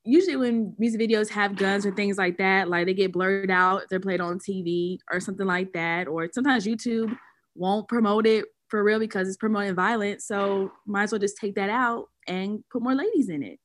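A woman co-hosting a casual music podcast, agreeing with her partner and adding her own points. She talks in an easygoing way and fills her sentences with "like." Her voice sits at a middle pitch. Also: fairly quick. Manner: relaxed and agreeable, heavy use of "like". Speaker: podcast co-host. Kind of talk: casual music news chat.

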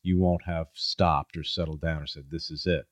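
A man's voice: very deep voice, fairly even intonation, moderate pace, no echo. A middle-aged man, a guest in a casual conversation, telling stories and acting out the people he quotes. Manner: storytelling, acts out quoted people in a raised voice.

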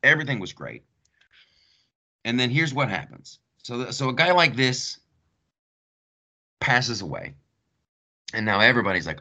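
A man's voice: mid-range voice, brisk, pauses often, lo-fi sound. A man hosting a podcast, a stand-up comic telling stories in a rambling, repetitive, joking way. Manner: rambling, repeats himself, animated storytelling. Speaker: podcast host and stand-up comedian. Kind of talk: casual comedic monologue.

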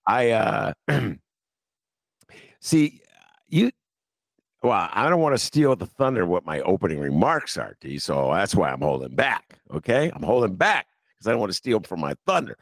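Man, radio talk host, playful, jokey, gravelly voice, swooping pitch. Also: normal speed, no room sound, studio quality. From Chicago. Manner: jokey, animated, breaks into laughs and song. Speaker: podcast host. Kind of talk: casual radio chat.

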